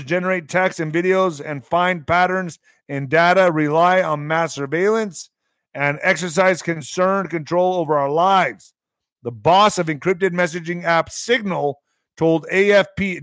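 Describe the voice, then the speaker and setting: A man's voice: high-pitched, fairly bright tone, no echo. A man from the Texas border reading news headlines aloud and breaking in with casual, wry comments and the odd Spanish interjection. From US–Mexico border, Texas. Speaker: show host reading and reacting to news.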